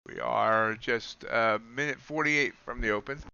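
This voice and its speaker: A man's voice: mid-range voice, measured pace, gravelly, bright, forceful tone, clear, resonant tone, dry recording, highs cut off. A man casually commenting on the futures market during a live trading stream, joking with his chat. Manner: chatty, joking asides to chat. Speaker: livestream futures trader.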